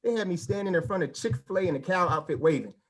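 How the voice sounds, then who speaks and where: A man performing a stand-up comedy set at a virtual show, telling stories with lively mimicked voices and casual vernacular speech. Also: high voice, fast talker. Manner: animated storytelling with mimicked voices.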